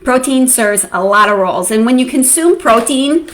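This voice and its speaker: A woman's voice: a little high, expressive, normal speed. A woman mood coach for mothers giving an educational video talk, conversational and often checking in with "right?".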